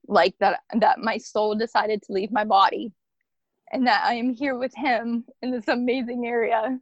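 A woman with a slightly high voice tells a personal story in earnest, rambling along and sprinkling her speech with "like." The recording is dry, dull and lo-fi.

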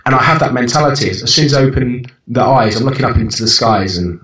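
A man's voice: medium pitch, expressive, quick pace, a bit bright. A man in his thirties, a podcast guest talking bluntly and animatedly, swearing freely and often restarting his sentences. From United Kingdom. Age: 30s. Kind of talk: casual interview chat. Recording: roomy, distant and dull-sounding.

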